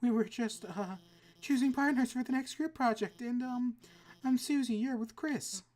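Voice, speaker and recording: A woman voicing a polite, shy female deer student with a gentle, friendly manner. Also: fairly high pitch, normal speed, pitched above the performer's own voice, lightly acted.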